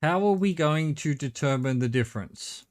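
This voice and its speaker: A man's voice: a little high, animated, normal speed, darkish tone. Middle-aged Australian man streaming a game. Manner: thinks aloud, chatty with viewers, swears casually. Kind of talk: live game-stream commentary.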